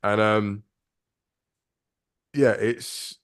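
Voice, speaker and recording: A man's voice: fairly low pitch, extremely slow, clean tone. A man from southern England on a live chat show, telling a story casually, with swearing and voices acted out. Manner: lively storyteller who acts out other people's voices. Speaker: co-host.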